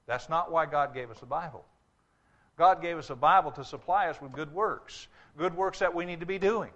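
A male preacher delivering a sermon, reading scripture aloud and slowing down hard on key words for emphasis. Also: on the high side, fairly bright tone, dull audio. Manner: emphatic, slows to stress scripture quotes.

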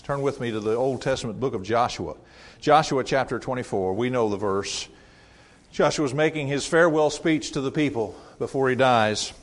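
A man preaching a sermon in a conversational way, asking rhetorical questions and rising and dropping his voice for emphasis. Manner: varies pitch and loudness widely for emphasis.

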